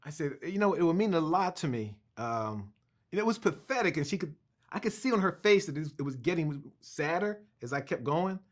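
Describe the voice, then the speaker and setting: A middle-aged man tells a long personal anecdote as an interview guest. He talks in an animated way, restarting sentences and acting out the people in his story. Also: a little high, a little fast. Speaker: cartoonist guest.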